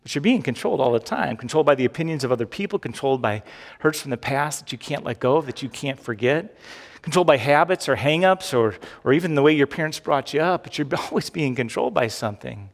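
A middle-aged pastor preaches a sermon in a chatty, conversational style, repeating phrases and tossing in frequent "right?" tag questions. His mid-range voice is creaky, animated, and fast, heard with long hall reverb.

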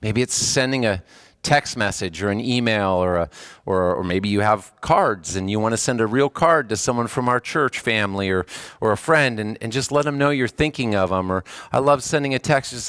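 A man's voice: lowish voice, a little fast, fairly bright tone, clear, resonant tone, dry recording, studio quality. A man preaching a sermon as a pastor, earnest and conversational, with rising emphasis on key points.

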